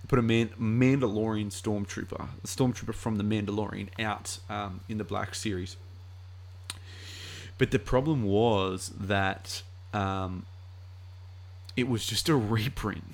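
A man's voice: lowish voice, fairly even intonation, unhurried, gravelly. A man chatting casually as a live streamer, rambling with many fillers.

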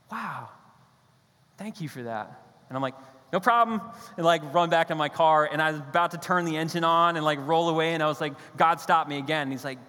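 A man's voice: a little high, bright, forceful tone. A man preaching a sermon as pastor, in a conversational, storytelling manner with playful asides. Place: church hall. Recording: church hall with long reverb.

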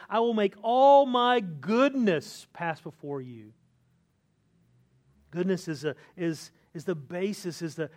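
A middle-aged man preaching a sermon as a pastor, earnest, slowing down and lifting his voice on key words. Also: sits high, darkish tone. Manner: earnest preaching, slows and lifts voice for emphasis.

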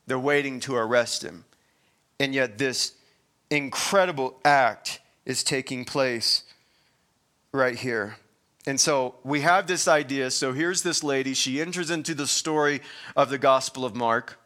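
A man's voice: mid-range voice, pushed and bright. A middle-aged man preaching a sermon as pastor, conversational, with frequent restarts and rising emphasis.

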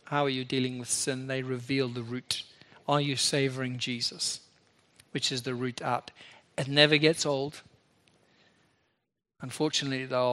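A man preaching a sermon, swinging between loud emphasis and soft, low asides.

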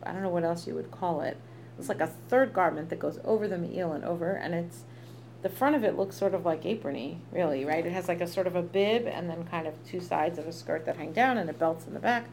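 A Torah teacher with a lowish, darkish voice and some vocal fry leads a text study briskly and chattily. She reads verses aloud and translates them, adding asides, over a little hiss or hum.

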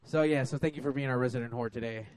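A man co-hosting a podcast, blunt and quick to laugh in crude banter. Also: mid-range voice, steady tone, darkish tone, smooth.

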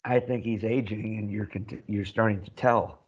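Low-voiced man telling wry stories, muffled. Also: fairly even intonation, moderate pace, slightly rough. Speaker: podcast co-host and army veteran. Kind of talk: casual chat, anecdotal storytelling. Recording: dull, muffled lo-fi sound.

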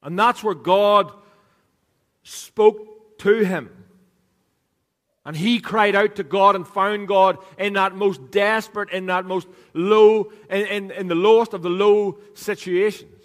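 A pastor preaches a sermon into a microphone, his voice a touch high for a man, steady, and slow. He's conversational and jokey, teasing the congregation in asides, while the church hall adds a long reverb.

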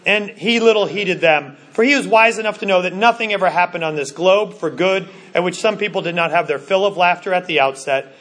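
A man preaching a sermon in an earnest way, slowing down for emphasis and often restarting his words. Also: sits high, a bit bright. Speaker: pastor.

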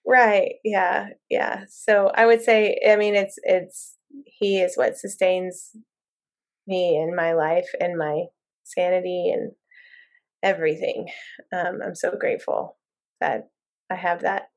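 Taking her time in a fairly low, gravelly voice, a thirtysomething mom guesting on a podcast chats casually through lively anecdotes. She performs her own lines and laughs as she goes.

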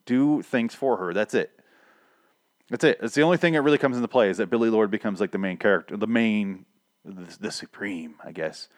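A man casually recapping a TV episode, rambling, swearing often and interrupting himself with laughs. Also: on the low side. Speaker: podcast host recapping a TV show. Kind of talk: casual profane recap monologue.

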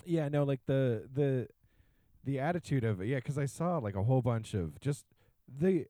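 A man's voice: medium pitch, animated, normal speed, warm tone, no echo. A man co-hosting a podcast, ranting casually and slipping into mock voices. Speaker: podcast co-host. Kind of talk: casual chat.

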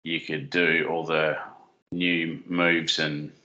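Deep, bright-toned man chatting casually. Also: level tone, slow, dull audio. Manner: rambling, giggly, self-deprecating. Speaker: podcast co-host. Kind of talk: casual podcast chat. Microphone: desk mic on a stand.

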